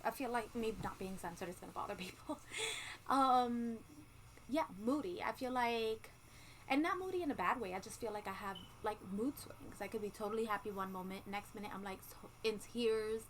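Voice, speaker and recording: A woman's voice: on the high side, moderate pace, poor audio. A woman vlogging casually at home, chatting candidly with lots of ums and likes and the odd swear word. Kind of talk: casual pregnancy update vlog. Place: home room with a ceiling fan running. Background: faint ceiling fan hum.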